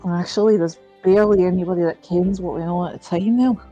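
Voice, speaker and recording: A woman's voice: lowish voice, fairly even intonation, fast, warm tone, dull audio, faint music behind, lightly acted. A woman voicing a sly male prison governor in a put-on Scottish accent, reading game dialogue aloud with a dry, wry manner. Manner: dialect-heavy, wry reading of game lines.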